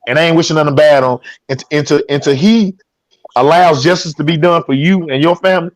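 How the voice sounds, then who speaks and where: A man's voice: fairly high pitch, a little fast, no room sound. A man hosting a talk show, speaking casually and emotionally, often stumbling and repeating his words. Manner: repeats words, stammers when upset.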